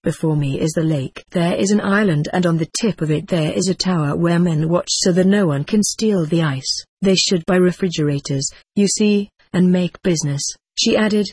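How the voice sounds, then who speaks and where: A man reading a storybook aloud as narrator, in a measured, gently expressive way. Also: high voice, slightly rough, dry recording.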